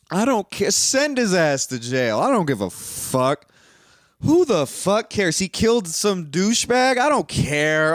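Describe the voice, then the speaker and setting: Lively, rambling young man ranting about movies. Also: unhurried, no room sound, clean studio sound. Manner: profane, rambling, full of fillers, mocks scenes in high put-on voices. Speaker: movie reviewer. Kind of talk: casual movie review rant.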